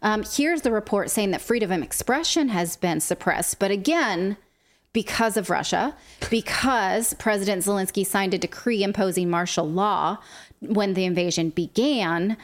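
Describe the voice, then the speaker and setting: Woman co-host, political commentary, sarcastic, reads from a report, mid-pitched voice. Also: normal speed.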